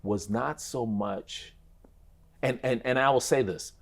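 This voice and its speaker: A man in his fifties, an interview guest, telling his stories in a thoughtful conversational way, with frequent restarts and bursts of speed when he gets animated. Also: mid-range voice, slow pace. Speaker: interview guest, former basketball player. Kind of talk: reflective conversational storytelling.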